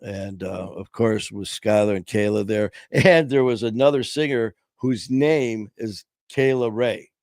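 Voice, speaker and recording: Middle-aged man, podcast host, gravelly and hoarse, dry close sound, easygoing heartfelt chatter. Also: fairly low pitch, measured pace, hardly any pauses, a little mellow, no room sound. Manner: loose and heartfelt, peppers speech with "man" and "you know". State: voice going hoarse. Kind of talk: casual live-stream chat.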